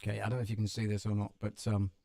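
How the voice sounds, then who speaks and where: A British man hosting a live stream, chatting in a relaxed, self-deprecating way. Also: on the low side, racing, vocal fry. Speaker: live-stream host and voiceover artist. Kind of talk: casual chat on a live stream.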